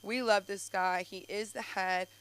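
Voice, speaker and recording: A young woman hosting a live stand-up night on a club stage. Her voice is bright and forward, and she rambles through self-deprecating jokes with quick asides. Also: medium pitch, steady tone, clean tone, low-quality recording. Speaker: stand-up comic and show host.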